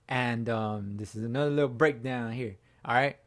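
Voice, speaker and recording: A man hosting his own fan channel, hoarse from screaming, giving a slangy sports reaction chat as if talking to a buddy. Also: mid-range voice, measured pace. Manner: slangy, talks like chatting with a buddy. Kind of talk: casual sports reaction talk.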